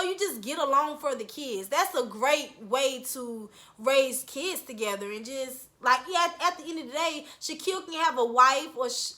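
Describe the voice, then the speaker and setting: Young woman vlogger, high bright voice, blunt and cussing, casual recap commentary. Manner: blunt, profane, scolding. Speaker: reality TV reviewer.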